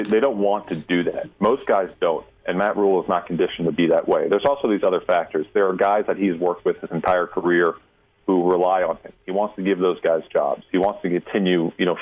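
A man with a deep voice talks through a phone connection that sounds thin and boxy. He breaks down college football questions carefully, stressing his key points. It is the tone of a seasoned insider on call-in radio. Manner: measured, emphatic analysis. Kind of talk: radio interview answers. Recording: tinny phone line.

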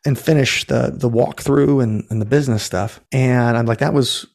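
A man's voice: medium pitch, normal speed, vocal fry, a little mellow. A man who runs ghost tours, telling a story in a casual interview, rambling and restarting, acting out what people said. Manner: rambling, self-correcting, acts out quotes. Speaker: ghost tour operator.

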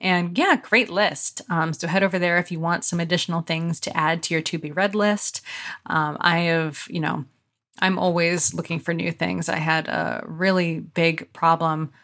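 A woman co-hosting a casual podcast, talkative and easily amused. Her voice sits a little low for a woman, and she slips in plenty of quick asides. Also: steady tone, fairly bright tone. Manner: chatty, laughing, quick asides. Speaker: podcast co-host.

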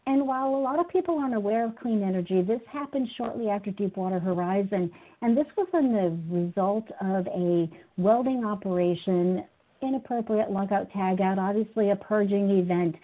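A woman's voice: medium pitch, moderate pace. Woman hosting a webinar over a tinny line. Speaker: webinar host. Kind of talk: introducing speakers. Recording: tinny phone-like audio.

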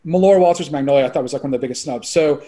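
A man around forty, a filmmaker guest chatting on a podcast, excitable and rambling, full of "like" and casual swearing. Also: a little high, racing.

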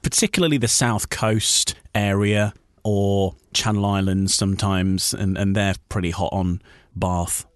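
Low-voiced Northern English man, hesitant. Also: steady tone, measured pace, no echo, studio quality. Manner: hesitant, repeats words, easygoing. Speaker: voiceover artist. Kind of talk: casual podcast chat.

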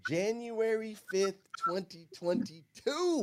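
A man's voice: mid-range voice, sing-song, normal speed, background noise. A man hosting a morning show, enthusiastic and hyping up his guests in casual chat. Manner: enthusiastic, hype, says "man" a lot. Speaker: show host.

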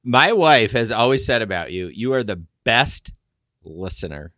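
Male co-host, excitable and bright, lively pitch. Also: a little slow, dry recording, clean studio sound. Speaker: podcast co-host. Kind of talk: casual chat.

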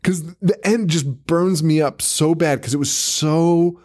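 A man's voice: a little high, a little slow, a little mellow. Swearing, laughing podcast guy recapping. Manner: rambling, swears freely, laughs often, mimics characters. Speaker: podcast co-host. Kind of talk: casual movie recap chat.

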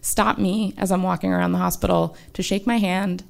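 A woman tells her own story into a stage mic at a live show. Her voice has a gravelly, fried edge, and she speaks in an earnest, conversational way, full of ums and likes. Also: fairly low pitch, flat delivery, brisk. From United States. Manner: earnest and conversational, with many "um" and "like" fillers. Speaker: doctor telling a personal story on stage. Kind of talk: live first-person storytelling. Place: small live-show stage before an audience.

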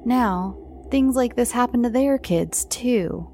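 A woman reads children's spooky stories aloud at an unhurried pace. Her fairly high voice rises and falls with the tale as she narrates. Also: slight background noise. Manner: slow, expressive storytelling.

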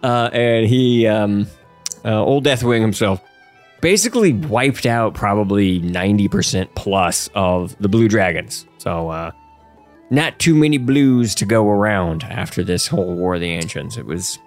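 Male host, goofy rambling storyteller, lively pitch. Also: measured pace, faint music behind. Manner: goofy, rambling storyteller who laughs often. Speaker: podcast host. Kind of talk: casual lore chat.

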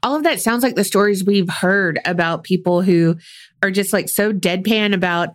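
A woman's voice: medium pitch, normal speed. A woman co-hosting a podcast, chatty and blunt, swearing casually and laughing easily. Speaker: podcast co-host. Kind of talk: casual chat.

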